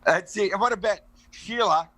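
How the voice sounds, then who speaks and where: Give me a playful Australian man chatting as a guest, high-pitched. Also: moderate pace, sharp tone, no echo. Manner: playful, teasing, coaching slang. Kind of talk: casual chat.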